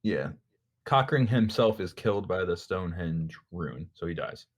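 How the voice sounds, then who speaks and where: A young man with a fairly low voice co-hosts a casual movie podcast. He talks in a laid-back, wry way. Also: animated, moderate pace. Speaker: podcast co-host. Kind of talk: casual movie review chat.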